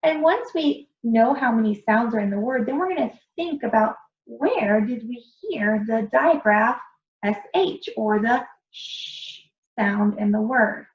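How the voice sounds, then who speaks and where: Woman, reading teacher, very slow and encouraging, stretches out sounds, echoey room. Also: fairly high pitch. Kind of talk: early reading lesson for young children. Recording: roomy, dull lo-fi sound.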